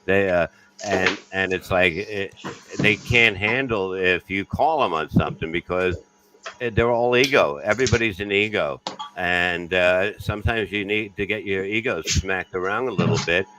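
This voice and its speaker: A man's voice: low voice, moderate pace, noisy background. A man, a comedian guest, talking bluntly and profanely in a casual podcast chat.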